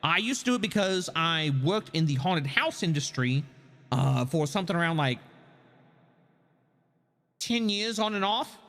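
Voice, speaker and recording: A theatrical male streamer with a gravelly, fry-laden voice that swoops up and down through a wide, lively pitch range. He chats casually with his audience in a dry, close-miked sound with no room echo. His voice sits somewhat high for a man. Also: unhurried, long pauses. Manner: theatrical, swoops between a bright stream voice and a low gravelly one. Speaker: live streamer. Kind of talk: casual live-stream chat answering chat.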